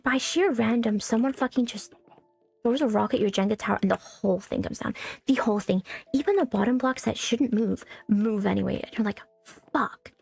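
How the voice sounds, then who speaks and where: A young woman streams from home, rambling candidly and swearing freely into a new condenser mic on a stand. Her voice is on the high side, fairly quick, gravelly, husky, and a little mellow, with faint music in the background.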